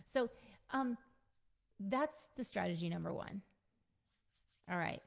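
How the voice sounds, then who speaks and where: A woman giving a casual teaching talk to parents as a parenting coach, conversational and gently instructive, repeating her key points. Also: medium pitch, animated, takes it slowly, vocal fry. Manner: conversational, frequent fillers like "you know" and "like".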